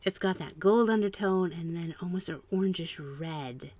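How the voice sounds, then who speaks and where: A woman hosting a casual live stream at home, chatting and musing aloud while she paints, with soft trailing asides. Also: lowish voice, normal speed. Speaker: art channel host.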